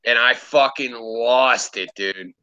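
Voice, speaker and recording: A man's voice: medium pitch, slow, clear, resonant tone, highs cut off. A man in his thirties streaming a casual chat, telling a story with lots of swearing and quoting himself heatedly. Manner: profane, animated storytelling, quotes himself heatedly.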